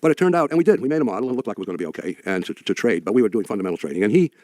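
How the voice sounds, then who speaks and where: An older man tells wry stories to an audience, stumbling and restarting as he goes. His voice sits low and moves quickly. The sound is dry and close. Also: animated, darkish tone, no room sound. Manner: halting, wry storytelling with many restarts. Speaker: speaker addressing an audience. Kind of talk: anecdotal talk.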